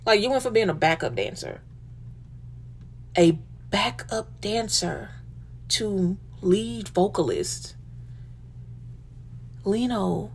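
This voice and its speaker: A woman's voice: mid-range voice, lively intonation, takes it slowly, long pauses, breathy edge. A woman hosting a casual monologue, speaking emotionally and emphatically, repeating herself and swearing casually. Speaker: host.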